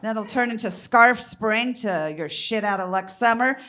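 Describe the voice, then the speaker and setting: A bright, forceful voice, a little high and a little slow, belongs to a woman in her fifties doing a stand-up set in a theater. Bawdy and brassy, she needles the audience.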